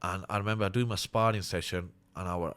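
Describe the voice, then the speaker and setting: A man's voice: deep voice, steady tone, fast, fairly bright tone, clear, resonant tone. A man, a fighter talking candidly and earnestly as an interview guest. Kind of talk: casual interview talk.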